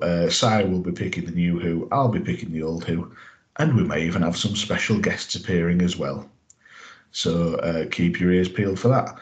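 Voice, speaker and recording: A man chatting as a podcast guest, wry and self-deprecating. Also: low-pitched. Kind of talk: casual podcast chat.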